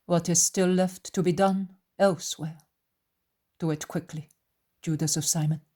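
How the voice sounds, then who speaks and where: A woman voicing a calm, gentle adult male teacher in an audiobook reading. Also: measured pace. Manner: calm and low.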